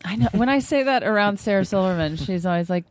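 A woman guest in a casual chat, deadpan and halting. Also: mid-range voice, no room sound.

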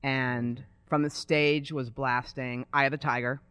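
A man telling a story in conversation in an animated way. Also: medium pitch, measured pace, smooth, dry recording.

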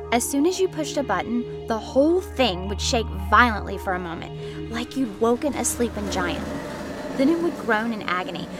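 A woman narrating a first-person scary story, building tension and sometimes dropping to a whisper. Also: a little high. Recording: clear music bed behind voice.

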